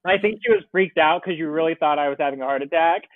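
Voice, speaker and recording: A man as a podcast guest, telling a story in an animated, casual way and laughing often. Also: a little high, quick pace, dry recording. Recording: tinny phone-like line, dry.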